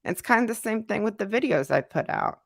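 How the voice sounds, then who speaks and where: A woman's voice: medium pitch, expressive, fairly quick, gravelly, dry recording, clean studio sound. A woman hosting a casual livestream and reading out chat comments. She is congested from a cold and talks in a loose, repetitive way with many fillers. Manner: conversational, repeats herself, many fillers.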